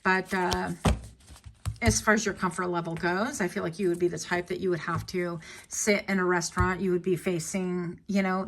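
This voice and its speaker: A woman's voice: lowish voice, a bit bright, a little hiss or hum. A woman giving a rambling, chatty tarot reading to camera, with jokey asides. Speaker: tarot reader.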